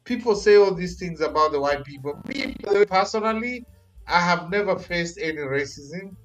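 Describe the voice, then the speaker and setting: A man from Kenya tells stories in a relaxed chat, his voice sitting a little high. He talks in an animated way and often repeats his words. Soft music plays faintly under him. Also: moderate pace, poor audio. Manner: animated storytelling, repeats phrases. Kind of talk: casual chat.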